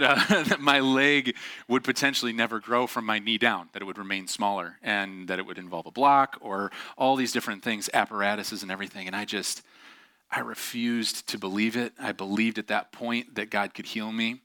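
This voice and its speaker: Male pastor, middle-aged, sermon, candid storytelling, self-deprecating, bright tone, dry sound. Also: fairly low pitch, dry recording.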